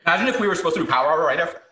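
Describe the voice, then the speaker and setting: A man's voice: a little high, echoey room, very noisy. A man on a gaming podcast, groaning and joking through a spicy chip challenge. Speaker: podcast host. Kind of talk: casual group chat.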